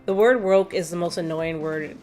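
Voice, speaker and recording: A woman's voice: on the low side, normal speed, a little mellow, soft background music. Chatty, sarcastic woman game streamer. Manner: chatty, rambling, laughs often, sarcastic. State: tired. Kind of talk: casual live-stream chat while playing.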